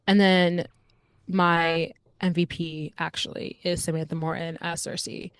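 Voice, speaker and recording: A young adult woman co-hosting a podcast, reviewing a film in casual, animated chat full of filler words. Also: lowish voice, measured pace, clear, resonant tone, dry recording. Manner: chatty, animated, frequent "like" fillers. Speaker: podcast co-host.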